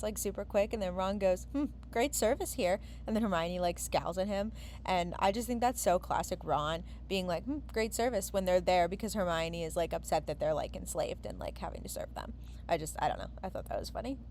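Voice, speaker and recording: A woman's voice: mid-range voice, darkish tone, slight background noise. A woman chatting casually to camera from a small windowless bedroom as a book vlogger, full of "um" and "like" fillers.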